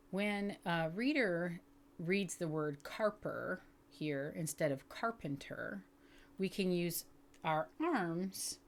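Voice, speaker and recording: A woman teaching a lesson for educators and parents, explaining patiently and sounding out words slowly. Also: fairly low pitch. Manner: patient, explanatory, checks in with "okay?". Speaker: literacy teacher. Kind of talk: instructional video lesson.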